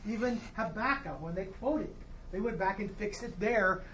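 A man leading a Bible study, explaining verses in a relaxed teaching way and posing rhetorical questions to his class. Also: sits high, a little hiss or hum.

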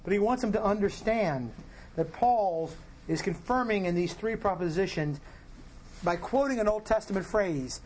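A man leading a Bible study, explaining verses in a relaxed teaching way and posing rhetorical questions to his class. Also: high voice, moderate pace, a little hiss or hum.

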